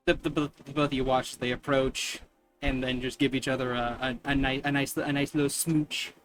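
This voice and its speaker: A man's voice: medium pitch, level tone, a little fast. A man narrating as game master of a tabletop role-playing game, stumbling and repeating words as he goes.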